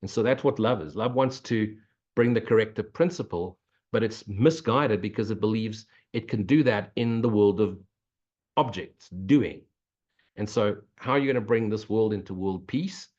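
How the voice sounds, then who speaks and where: A man's voice: lowish voice, normal speed, darkish tone. An older man giving an earnest, preachy spiritual talk, answering questions and dropping in blunt swearing. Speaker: spiritual teacher. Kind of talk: spiritual Q&A monologue. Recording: dull lo-fi recording.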